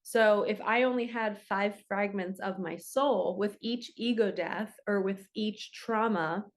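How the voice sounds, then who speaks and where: A woman's voice: mid-range voice, unhurried. A woman in her thirties giving a casual spiritual card reading, talking in a chatty, flowing way full of "like" and "right". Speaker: spiritual reader and coach.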